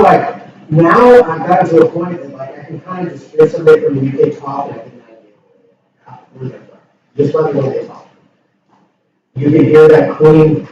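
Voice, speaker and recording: A man's voice: on the high side, darkish tone, muffled recording, slight background noise. An American man hosting a cooking livestream, chatting casually and rambling with lots of fillers. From United States. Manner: rambling, many "like" fillers, playful accent imitations. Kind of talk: casual chat.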